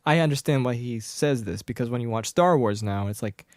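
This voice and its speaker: A man co-hosting a casual podcast, retelling a film scene by scene with quick voices for the characters. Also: medium pitch, darkish tone, no room sound, studio quality. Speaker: podcast co-host. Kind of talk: casual chat.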